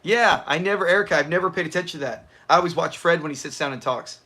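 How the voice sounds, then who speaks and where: A man hosts a live watch party, talking casually and reacting as he goes. His voice sits a little high and has a bright, forceful edge. He laughs often and answers viewers from the chat. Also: fast talker. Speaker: livestream host.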